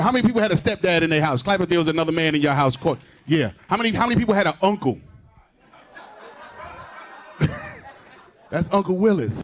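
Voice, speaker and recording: A man's voice: high-pitched, lively intonation, a little fast, long pauses. A man doing crowd-work stand-up with a New York accent, teasing audience members and laughing between jokes. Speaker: stand-up comedian. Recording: live crowd in the room. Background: audience laughter and claps.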